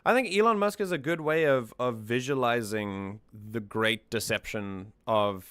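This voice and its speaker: A man's voice: mid-range voice, unhurried, a bit bright, clean tone, no room sound. A man hosting a music analysis stream, talking things through in a thoughtful, casual way and often repeating words as he thinks.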